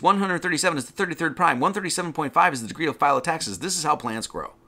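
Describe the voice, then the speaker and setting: Male preacher, lively bright delivery, sermon teaching with rhetorical questions. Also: fairly high pitch, brisk. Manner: animated teaching, rhetorical questions, quoting scripture.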